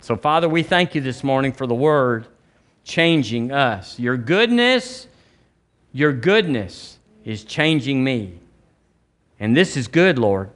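A man with a Southern American accent preaching as a pastor in a church. His voice sits at a middle pitch, and he delivers the sermon and prayer emphatically, jumping into loud, high rises for stress. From Alabama, US. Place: church sanctuary.

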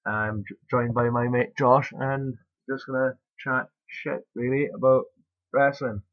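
A young man hosts a casual podcast chat, rambling loosely and swearing offhand. His medium-pitched voice is steady and unhurried, and the podcast audio is muffled and lo-fi.

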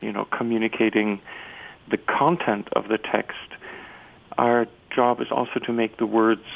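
A man who is an opera baritone, giving reflective interview answers with frequent restarts and fillers. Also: vocal fry. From Canada. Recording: tinny phone-like radio sound.

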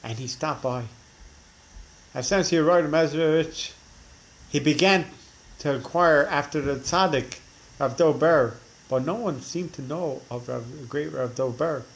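A man's voice: fairly high pitch, measured pace, gravelly. A man teaching a religious class who tells stories animatedly, acting out the characters, with frequent restarts. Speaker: Torah teacher.

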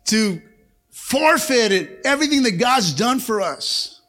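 A male pastor preaching a sermon to a congregation, fervent and rousing, with frequent calls of amen and come on. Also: high-pitched. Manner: fervent preaching with call-and-response, punctuated by shouted amens. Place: church service before a congregation.

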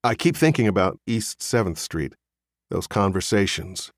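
A man's voice: low-pitched, sing-song, normal speed, dry recording, studio quality. A man voicing a restless, yearning husband. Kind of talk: audiobook character reading.

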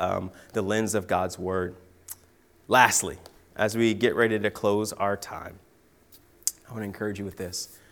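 A young man delivers a sermon built on personal anecdotes. His delivery is animated, jumping up in volume for the exciting beats and sinking to a near whisper for the serious closing lines. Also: fairly low pitch. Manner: animated storytelling, swinging from loud to hushed. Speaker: guest preacher.

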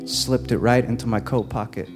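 A man performs a personal story on stage before a live audience, pacing his words slowly with dramatic pauses. His voice carries long hall reverb, and soft guitar plays underneath. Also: medium pitch, fairly even intonation. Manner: slow, deliberate, dramatic pauses.

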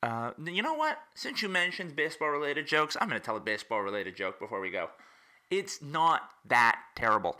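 A man's voice: on the high side, sing-song, fast talker, hardly any pauses, bright, forceful tone. A man co-hosting a podcast in casual chat, telling corny jokes and then explaining them. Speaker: podcast co-host.

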